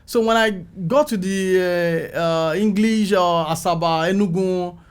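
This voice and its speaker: A man's voice: a little slow, clear, resonant tone. A middle-aged man with a Nigerian accent, a film makeup artist telling his story as an interview guest and acting out the voices of people calling him. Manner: animated, acts out calls and quotes with rising pitch.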